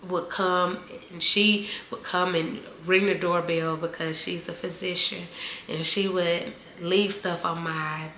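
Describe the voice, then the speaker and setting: A woman in her forties telling a heartfelt personal story, halting with many fillers and close to tears at times. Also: fairly low pitch, bright, forceful tone. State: emotional, near tears. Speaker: vlogger. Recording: echoey room, faint background noise.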